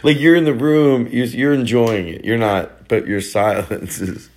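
A man's voice: mid-range voice, fairly even intonation, measured pace, a little mellow. A middle-aged man hosting a podcast, joking in a rambling, casual way. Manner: jokey, rambling, repeats bits for laughs. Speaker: podcast host. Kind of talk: casual comedic chat.

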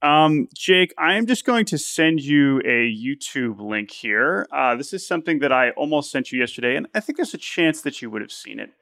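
An eager male podcast co-host who rambles, restarting his sentences as he builds a point. His voice sits in a middle pitch, and the recording is dry and close-miked. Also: very animated, normal speed, few pauses, bright, forceful tone, dry recording. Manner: enthusiastic, rambling with many restarts. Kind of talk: casual podcast chat.

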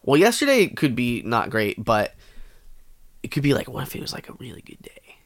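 A man co-hosting a podcast, bantering casually and joking with quick asides. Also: mid-range voice. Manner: lively, jokey, quick asides. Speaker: podcast co-host.

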